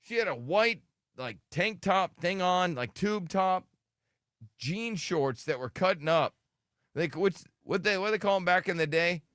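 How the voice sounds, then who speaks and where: High-voiced man hosting crude radio banter. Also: animated, a little slow, fairly bright tone, dry recording, clean studio sound. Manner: crude joking, mock-whiny impressions. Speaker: radio show host. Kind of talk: casual morning radio banter.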